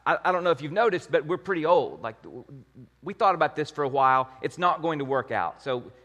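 A man's voice: a little high, big pitch swings, a little fast, fairly bright tone, long reverb tail. A man voicing an exasperated, skeptical old male priest who talks incredulously and bluntly, in a sermon.

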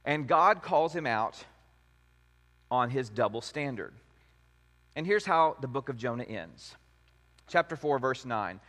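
A man giving a conversational sermon on scripture, with an animated, lively delivery that jumps up in pitch when he acts out quotes. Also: a little slow, long pauses, long reverb tail. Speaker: preacher.

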